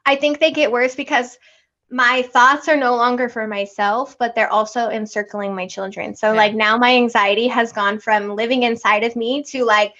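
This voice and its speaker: Bright-voiced woman chatting casually. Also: on the high side, normal speed. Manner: rambling, self-interrupting, animated retellings. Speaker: podcast co-host. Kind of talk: casual chat. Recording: slightly dull lo-fi audio.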